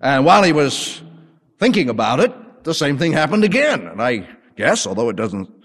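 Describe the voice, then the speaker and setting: A man teaching a sermon with an animated, conversational storytelling manner. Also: mid-range voice, normal speed, breathy edge. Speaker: Bible teacher. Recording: long hall reverb.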